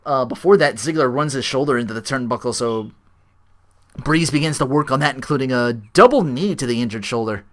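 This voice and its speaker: A man's voice: mid-range voice, expressive, brisk. A man co-hosting a casual podcast, recapping a wrestling show and laughing often. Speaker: podcast co-host.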